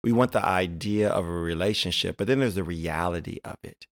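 A male podcast host with a somewhat low voice talks in an earnest, encouraging way. He circles back and repeats his main points as he speaks to his listeners. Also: a little fast. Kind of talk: faith-based podcast conversation.

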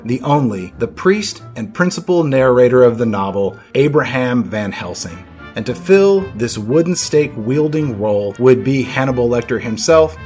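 A man hosting a movie podcast, narrating scripted film history with playful, dramatic emphasis. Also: mid-range voice. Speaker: podcast host.

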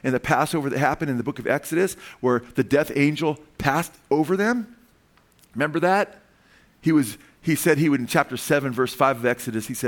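A pastor preaching a sermon in a casual, conversational way. He often checks in with the congregation by asking "amen?" and swings between loud emphasis and quiet, hushed lines. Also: fairly high pitch, fairly quick. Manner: conversational preaching, frequent "amen?" call-outs.

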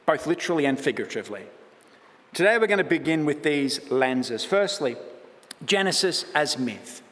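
A man with an Australian accent preaching a sermon as pastor, chatty and self-deprecating, with lively asides. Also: mid-range voice, long reverb tail.

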